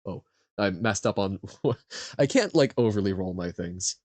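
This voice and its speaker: A young man on a live stream works through a vocabulary quiz, repeating each foreign word slowly and guessing its meaning out loud. His pitch moves a lot, rising on his guesses and dropping again. The sound is dry and close. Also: lively intonation, no echo. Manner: sounds out foreign words slowly, guessing aloud and laughing at himself. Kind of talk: casual live-stream chat while playing a vocabulary quiz.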